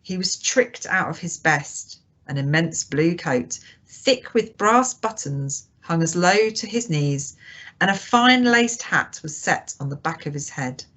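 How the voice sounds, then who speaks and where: A woman reading a classic adventure novel aloud as scripted narration, expressive and lively. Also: fairly low pitch, unhurried. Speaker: audiobook reader.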